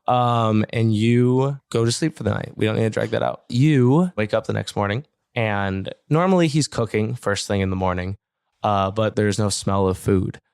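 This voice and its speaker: A man narrating a tabletop game as game master, relaxed with hesitant fillers. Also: lowish voice, moderate pace, vocal fry, smooth, no room sound, studio quality.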